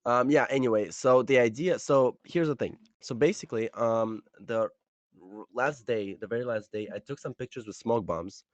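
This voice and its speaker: A man's voice: medium pitch, normal speed, no room sound, highs cut off. A young man co-hosting a casual podcast, telling a story in a rambling way, swearing and laughing often. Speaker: podcast co-host.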